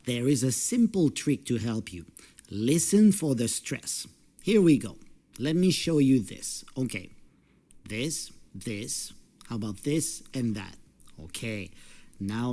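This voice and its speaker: Slow, lively-voiced English teacher. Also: medium pitch. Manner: encouraging, asks the viewer questions; stresses syllables deliberately. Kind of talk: recorded video lesson.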